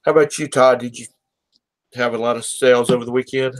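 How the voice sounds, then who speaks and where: A man's voice: medium pitch, steady tone, fast. A man on a group video call, chatting casually, asking the others questions and teasing them. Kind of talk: casual chat.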